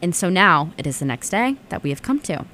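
A woman's voice: on the low side, fairly quick, slight background noise. A young woman hosting a late-night radio show, chatting casually with "um" fillers and reading a story aloud. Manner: relaxed, chatty, with frequent "um" fillers.

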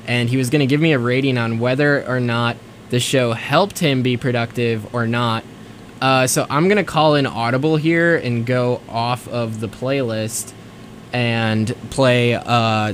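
A man's voice: mid-range voice, a bit bright, slight background noise. A young man hosting a college radio show, chatting casually and rambling with lots of fillers between songs. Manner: rambling, filler-heavy, self-deprecating.

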